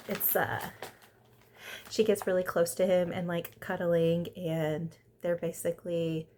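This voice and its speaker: A woman's voice: lowish voice, gravelly, a little mellow. A woman recapping a reality dating show in a chatty, opinionated way, acting out the cast's lines as she goes. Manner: chatty and opinionated, quoting cast members in put-on voices. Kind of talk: casual recap chat.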